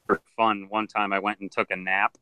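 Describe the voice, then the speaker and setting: A man who works with alligators and crocodiles tells stories in a casual interview, slipping into other people's voices as he goes. His voice sits a little low and sounds bright and crisp. The sound is dry and close. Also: flat delivery, normal speed, dry recording, rough recording. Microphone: video call.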